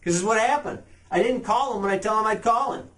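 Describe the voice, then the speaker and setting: A man's voice: high-pitched, fast, fairly bright tone. A man teaching car sales by texting, talking casually and reading short sample messages aloud with emphasis. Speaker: sales trainer. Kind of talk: sales training talk.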